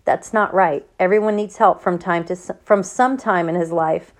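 A woman reading as a gentle, worried mother. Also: lowish voice, moderate pace, lightly acted. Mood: tender.

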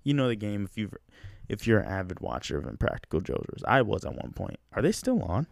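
Podcast host, young man, low voice, dry close sound, easygoing rambling delivery. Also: big pitch swings, a little fast, vocal fry, no echo. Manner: rambling, loose and conversational with frequent fillers. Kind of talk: casual solo podcast chat.

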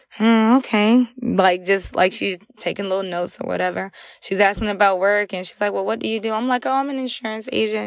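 A woman's voice: mid-range voice, creaky, no room sound, studio quality. A young woman hosting a solo podcast, telling a raw, emotional personal story with many fillers. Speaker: podcast host. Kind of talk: candid solo podcast monologue.

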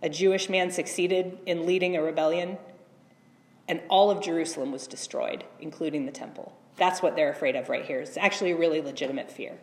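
A woman's voice: sits low, fairly even intonation, brisk. A woman reading scripture expressively during a sermon, adding her own asides. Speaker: preacher. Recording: echoey hall.

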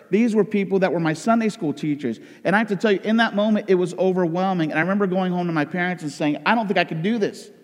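A man preaching a sermon as pastor, swinging between loud emotional outcries and hushed intensity. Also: high voice, long reverb tail.

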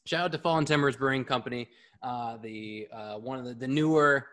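A man hosting a live podcast, talking in a casual, excitable, rambling way and swearing freely. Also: mid-range voice, brisk. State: a bit out of breath. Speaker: podcast host.

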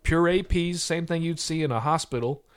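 A man's voice: fairly high pitch, normal speed, clean tone. A man from the United States hosting a casual podcast chat, rambling and joking with frequent laughs. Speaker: podcast host.

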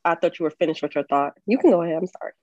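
A woman co-hosts a podcast in rapid-fire speech, her voice fairly low and warm with no room sound. The casual conversation is candid and earnest, with laughs between her points, though the audio comes across slightly dull and muffled.

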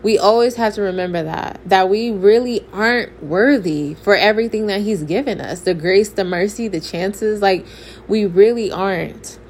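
Speaking at a normal speed in a mid-range voice, this young woman vlogs about her faith, addressing viewers straight on in a relaxed, preachy, candid way. Faint noise hums in the background.

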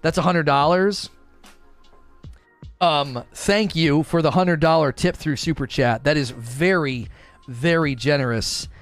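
A man's voice: fairly high pitch, unhurried, dry recording, soft background music. A man in his thirties casually hosting a live stream Q and A, reading viewer messages aloud and joking about himself. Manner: chatty, self-deprecating, reads chat aloud.

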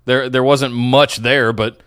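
Man with a smooth, dry voice. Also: medium pitch, flat delivery, takes it slowly, fairly bright tone, no echo. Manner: opinionated, hedging. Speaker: podcast co-host. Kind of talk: casual wrestling talk.

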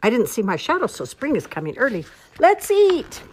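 A woman voicing a playful, sly young male groundhog in a storybook read-aloud, calling out excitedly. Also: mid-range voice, quick pace, slight background noise, voice pushed up, poor audio.

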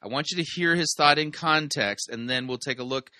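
A man with a slightly higher, strikingly bright voice comments on sermon clips in a casual way. He explains the Greek text and drops sarcastic asides. The sound is dry and close. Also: a little fast, no room sound. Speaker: sermon reviewer host.

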